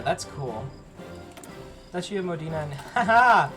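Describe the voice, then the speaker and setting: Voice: medium pitch, expressive, measured pace, pushed and bright, faint music behind. A streamer chatting casually while playing a strategy game, often reading on-screen text aloud. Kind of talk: casual live game commentary.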